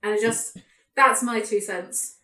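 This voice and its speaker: A woman hosting a casual podcast chat and ranting in an animated, sarcastic way with plenty of swearing. Her voice sits a bit high. The room gives a noticeable echo. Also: a little slow. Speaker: podcast host, YouTuber.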